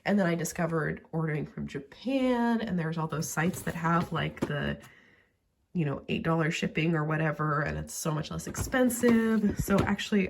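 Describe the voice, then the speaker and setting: A woman talking casually and rambling about her toy collection with many fillers, sounding a little sick and pausing to cough. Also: lowish voice, creaky, background noise. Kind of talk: casual chat.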